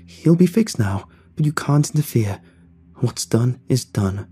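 A man's voice: medium pitch, expressive, measured pace, dark tone, slightly rough. A man voicing a tearful mother who speaks with grim resignation. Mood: grim resolve.

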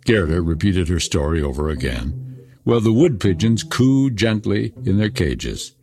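A man narrating a fairy tale in an expressive, dramatic storybook reading. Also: deep voice, moderate pace. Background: soft music.

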